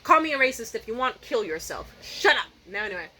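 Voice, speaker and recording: A young woman vlogging at home at night, telling a story in a profane, animated rant and mimicking other people's voices. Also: on the high side, fast talker, slight background noise, low-quality recording. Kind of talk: casual vlog rant.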